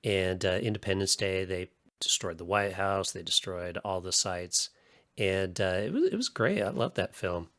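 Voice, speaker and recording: A man's voice: sits low, expressive, moderate pace, fairly bright tone, dry recording, studio quality. A man hosting a podcast, giving casual pop-culture commentary in a chatty, opinionated way with frequent asides. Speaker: podcast host.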